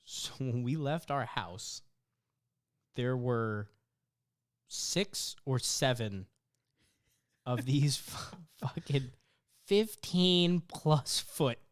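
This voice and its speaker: A young man co-hosts a podcast, telling stories in casual chat with a mid-range voice, speaking very slowly and pausing often. He is an animated storyteller who swears freely and acts out what people said.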